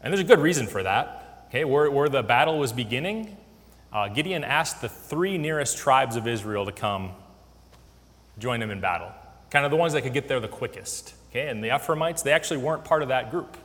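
A man's voice: mid-range voice, animated, a little fast, a bit bright. A man giving a casual Bible lesson, conversational, with many fillers and restarts. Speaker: Bible teacher. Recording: long hall reverb.

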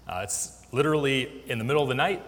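A man's voice: mid-range voice, fast talker. A man giving a casual Bible lesson, conversational, with many fillers and restarts. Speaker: Bible teacher. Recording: long hall reverb.

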